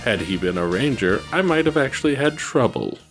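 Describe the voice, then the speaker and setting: A man's voice: medium pitch, big pitch swings, fairly quick, faint music behind, pitched above the performer's own voice. Goldar, a sneering space monkey warrior, read by a man. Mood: gloating. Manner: gloating, taunting.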